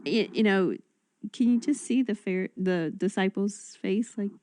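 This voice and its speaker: A woman's voice: medium pitch, measured pace, a little mellow. A woman reading Bible verses aloud, then commenting on them in a conversational way. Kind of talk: reading and discussing scripture.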